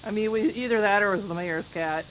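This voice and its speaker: A woman's voice: medium pitch, fast talker, a little hiss or hum. A woman game streamer chatting casually with her viewers as she plays, giggling often and teasing playfully. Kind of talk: casual chat while gaming.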